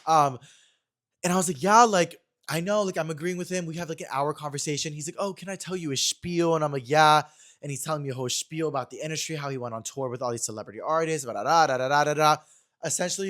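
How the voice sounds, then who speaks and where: A young man hosting his own podcast, telling a story in a chatty, animated way and talking fast. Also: fairly high pitch. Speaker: podcast host. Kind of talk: casual chat.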